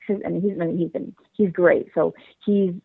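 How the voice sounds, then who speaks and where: A woman's voice: on the low side, fairly even intonation, normal speed, creaky, slightly rough, no room sound. A woman being interviewed, telling her story in a bubbly, rambling way with many fillers. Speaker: interview guest. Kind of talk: casual interview. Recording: dry, phone-like line.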